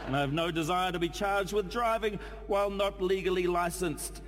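A man with a New Zealand accent reading a letter aloud in a dry, deadpan comic style. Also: sits high, normal speed, big-room sound, noisy background.

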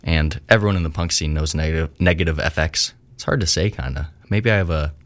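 A young man with a very low voice hosts a radio show and talks between songs. His chat is loose and rambling, with restarts and a slightly slurred edge to his words. He sounds casual and unscripted. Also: quick pace. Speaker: radio host.

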